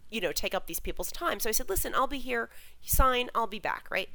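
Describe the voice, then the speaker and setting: A woman's voice: medium pitch, poor audio. A woman telling a story in casual podcast chat, acting out the voices of the people in it. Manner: animated, acts out quoted voices. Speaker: fan website host.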